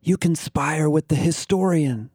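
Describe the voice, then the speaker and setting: A man voicing a menacing lizard alien whose hushed words carry a hiss and a gurgle. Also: a little high, measured pace, breathy edge, no echo, studio quality, pitched above the performer's own voice. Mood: accusing. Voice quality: hissing, gurgling syllables. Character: menacing jewel-draped lizard alien, hissing.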